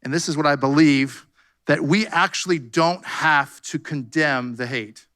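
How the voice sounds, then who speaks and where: A man's voice: fairly high pitch, measured pace, a bit bright. A man pastor preaching a fervent sermon, calling out "come on" and "amen" to his congregation. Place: church sanctuary.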